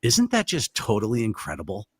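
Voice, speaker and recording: A man's voice: on the low side, wildly swooping pitch, a little fast, over music. A man narrating a scripted theory segment in a dramatic, persuasive way. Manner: dramatic, building a conspiracy case.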